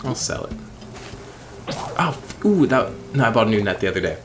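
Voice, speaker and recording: A sleepy man chatting casually and rambling while playing a game late at night, with sudden excited squeals. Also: lowish voice, moderate pace, loud music behind the voice. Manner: rambling, self-deprecating, bursts of excited squeals. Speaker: streamer.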